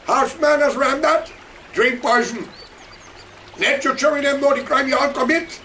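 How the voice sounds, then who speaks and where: A man with a Guyanese accent delivering an impassioned political rant, fiery and preaching, often shouting. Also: very high voice, steady tone, moderate pace, distant mic, a little hiss or hum. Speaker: political commentator.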